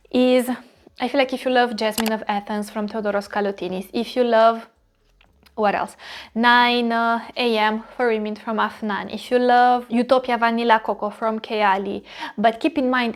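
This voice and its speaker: Woman with a slightly high voice gushing about perfumes, keeps repeating herself looking for the right word. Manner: gushing, repeats phrases while searching for words. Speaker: fragrance reviewer. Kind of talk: casual video review.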